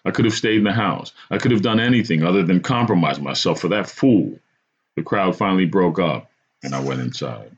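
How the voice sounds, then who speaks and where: A man's voice: low-pitched, lively intonation, brisk, breathy edge. A man hosting a podcast, telling a true story from his own life in a dramatic first-person style. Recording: dull lo-fi recording.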